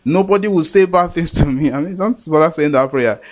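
A man's voice: on the high side, fairly quick. A man preaching a sermon in an earnest, repetitive way, often checking that listeners understand.

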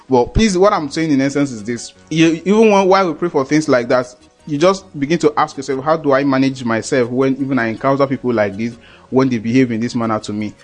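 A man's voice: medium pitch, fast, soft background music. A man preaching a sermon in an earnest, repetitive way, often checking that listeners understand.

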